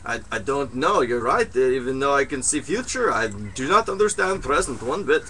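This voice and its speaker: A man playing a grandiose, deadpan male foreign psychic who speaks broken English and drops articles. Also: medium pitch, normal speed, slightly rough. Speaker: comedy performer. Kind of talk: improvised comedy skit.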